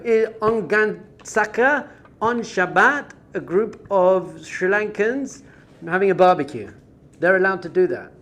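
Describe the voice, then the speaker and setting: A man teaching a Torah class as a rabbi, animated and conversational, full of rhetorical questions. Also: high-pitched.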